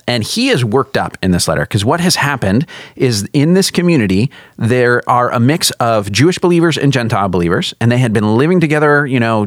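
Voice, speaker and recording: A man's voice: medium pitch, a bit bright, dry recording, studio quality. A man co-hosting a Bible podcast, moving between casual chat with frequent laughs and explaining Bible context. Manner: laughs often, playful teasing. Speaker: podcast co-host.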